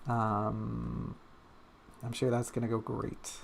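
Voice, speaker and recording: Streamer, casual drawing-stream chat, gravelly fry, rambling and self-mocking, talking into a desk mic at home. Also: medium pitch, monotone, slow pace, slight background noise. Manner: rambling and self-mocking, with many fillers and little hums.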